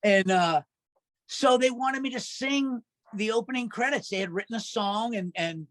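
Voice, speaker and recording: A man's voice: sits high, moderate pace, fairly bright tone, dry recording. A man guest telling stories in a casual interview, chatty and laughing often. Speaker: musician guest.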